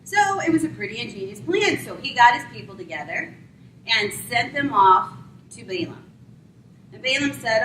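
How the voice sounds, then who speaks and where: A woman preaching a sermon, retelling a Bible story and acting out the characters in quick voices. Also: a little high, big pitch swings, sharp tone, far from the mic, slight background noise. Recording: roomy sound from away from the mic.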